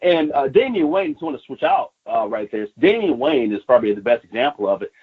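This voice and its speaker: A man's voice: medium pitch, very animated, fast talker, slightly rough. A male pro wrestler called into a podcast, his voice thin and squeezed by a phone line. He talks in a loose, rambling way and keeps dropping fillers as he tells stories. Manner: loose, rambling, many fillers like "you know, man". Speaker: pro wrestler, interview guest. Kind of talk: casual phone interview.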